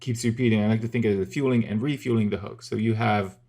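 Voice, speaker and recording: A man's voice: lowish voice, fairly even intonation, fast talker, gravelly. A man teaching music theory in a casual, methodical video lesson, explaining step by step with the odd filler.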